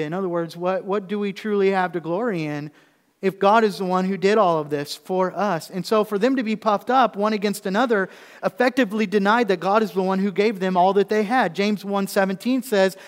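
A man's voice: high voice, a little fast. A male preacher giving a sermon, explaining scripture with humorous asides and rhetorical questions. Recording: echoey hall.

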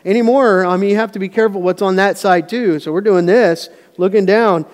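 A man's voice: high voice, fairly quick, a little mellow, long reverb tail. A middle-aged man preaching a sermon as pastor, telling family stories in a loose, conversational way with frequent restarts. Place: church sanctuary.

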